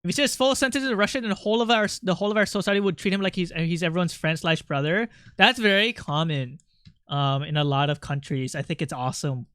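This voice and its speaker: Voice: mid-range voice, fast, a bit bright, smooth, no echo, clean studio sound. A streamer chatting casually and playfully with chat while drawing, rambling with lots of fillers.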